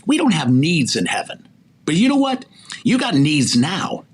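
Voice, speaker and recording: A man, a sports executive recruiter and podcast guest, talking in a preachy, animated way about faith and asking rhetorical questions. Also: on the high side, moderate pace, slight background noise. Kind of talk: faith-centered motivational conversation.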